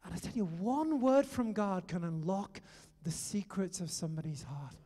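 A British man delivers an animated sermon, trading stories for direct appeals to his listeners. His voice sits high. The sound carries a long hall reverb. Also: moderate pace. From Britain. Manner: animated storytelling, exhorting the audience. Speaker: preacher.

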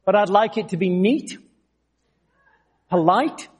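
A fussy, anxious pastor speaks quickly and quietly about staying respectable, as a preacher quotes him. His voice stays high and hushed. It is told as part of a sermon story. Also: slightly rough, exaggerated voice. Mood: pleading. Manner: hushed, prim and hurried.

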